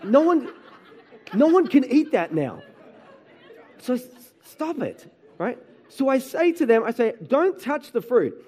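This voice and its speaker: A man preaching a sermon, telling animated stories about his children and often asking the room "right?". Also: very high voice, a little slow, long pauses, breathy edge, a faint crowd. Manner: animated storytelling, acts out his kids and himself, frequent "right?". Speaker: pastor.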